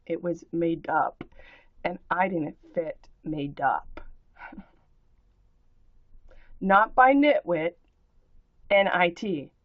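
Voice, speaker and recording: Slow-talking woman in a ranting monologue. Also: fairly low pitch, animated, no room sound, narrow, tinny audio. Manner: spells out words and rhymes in playful wordplay, with profanity. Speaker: vlogger answering a commenter.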